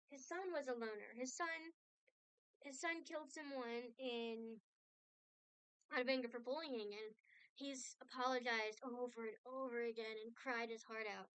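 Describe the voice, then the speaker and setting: A woman's voice: fairly high pitch, bright, forceful tone, smooth, dry recording. A woman art streamer telling a long story in casual chat, rambling with many restarts and asides.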